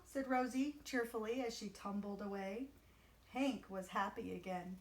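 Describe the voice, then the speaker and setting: A woman storyteller reading a children's picture book aloud with an expressive, animated delivery. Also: medium pitch, unhurried, reverberant, far from the mic, a little hiss or hum.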